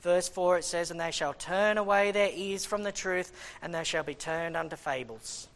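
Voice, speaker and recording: A man preaching a sermon, animated, swinging between loud exclamations and quiet low asides. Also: moderate pace.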